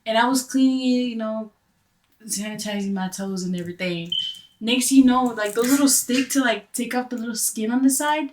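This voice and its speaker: A woman's voice: on the high side, fairly quick, noisy background. A woman guest on a podcast, telling a story in casual, profane chat, full of fillers. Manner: animated, profane, heavy use of "like".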